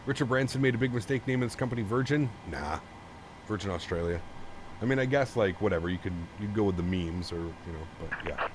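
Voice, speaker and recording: A man's voice: lowish voice, fast talker. Laid-back Canadian man streaming, noisy backdrop. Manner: laid-back, reads chat, keeps thanking viewers. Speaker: flight sim streamer. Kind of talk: casual live-stream chat. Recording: steady background noise.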